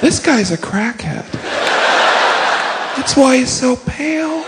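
A man's voice: very high-pitched, sing-song, slow pace, over a noisy crowd, very noisy. A man making snarky, teasing comments over comedy clips. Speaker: mocking commentator.

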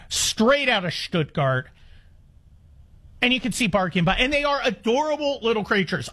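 Exasperated man ranting on talk radio. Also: high voice. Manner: animated, exasperated ranting with stammered restarts. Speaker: radio talk show host. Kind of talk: call-in talk radio monologue. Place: studio in the Los Angeles area.

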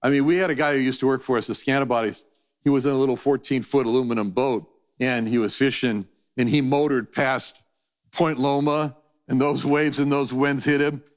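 A man's voice: mid-range voice, a little fast. A man giving a conversational sermon as a Bible teacher, telling stories animatedly and acting out voices. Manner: animated storytelling, acts out voices.

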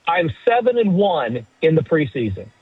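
A middle-aged man calling in to a sports radio show, rambling, joking about himself and pitching his picks. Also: sing-song, moderate pace, husky, no room sound. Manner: rambling, self-mocking, salesy. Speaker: sports betting guest. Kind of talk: casual radio call-in chat. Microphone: phone line. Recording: tinny dry phone line.

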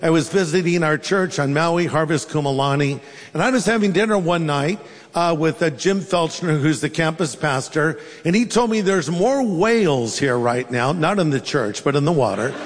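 A man's voice: on the high side, expressive, moderate pace, big-room sound. A man preaching a sermon as pastor, telling stories with humorous asides.

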